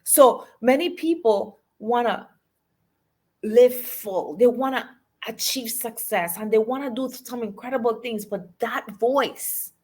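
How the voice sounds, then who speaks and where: Emphatic woman life coach. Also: on the high side. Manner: emphatic, repeats key phrases, asks the audience questions. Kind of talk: motivational coaching talk.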